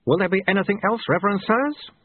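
Man doing a wry old monk, knowing, mild, lively lilt, tinny phone-like sound. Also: sits high, quick pace, no echo, voice pushed up. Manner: mild, knowing, quoting sayings. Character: wry old male sweeper monk, calm and sly.

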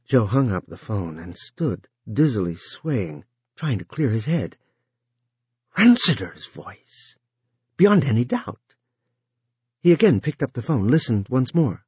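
A man narrating a novel in a measured, expressive reading. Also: lowish voice, slightly rough, dry recording. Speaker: audiobook narrator. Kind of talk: scripted narration.

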